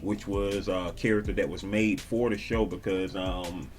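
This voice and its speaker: A man vlogging casually, shouting out viewers and reading their comments in a slangy, laid-back way. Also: deep voice, steady tone, a little slow, soft background music. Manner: slangy and laid-back, peppered with "you dig". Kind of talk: casual chat.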